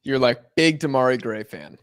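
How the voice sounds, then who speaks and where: A man's voice: mid-range voice, moderate pace, no room sound, studio quality. A young man co-hosting a live watch-along, casually calling the football action as it unfolds and chatting between moves. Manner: relaxed, calls the play as it happens. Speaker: co-host of a match watch-along. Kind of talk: casual play-by-play commentary.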